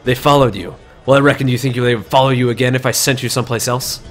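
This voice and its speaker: A game master voicing a brash, suspicious young prince who challenges strangers with sharp questions. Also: male voice, mid-range voice, fairly even intonation, fast, soft background music, lightly acted. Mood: challenging. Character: brash commanding male prince, fearless and suspicious.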